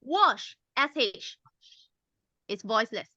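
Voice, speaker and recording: A woman, speaking in a bright, fairly high and forceful voice. She teaches with patience, slowing down to drill each sound for the group. The recording is dull and lo-fi. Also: very animated, no room sound. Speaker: club president giving a language evaluation. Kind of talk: explaining grammar and pronunciation at a club meeting.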